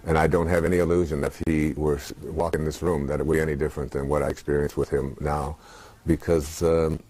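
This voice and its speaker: A man in his sixties, speaking as an interview guest in a halting, reflective way with many pauses and fillers. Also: very deep voice, little pitch movement, mellow. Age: 60s.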